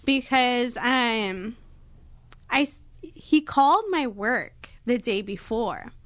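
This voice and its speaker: A woman's voice: on the high side, animated, slow, a bit bright, dry recording. A young woman, a podcast guest, telling her story casually in a studio with lots of fillers. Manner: chatty, many fillers.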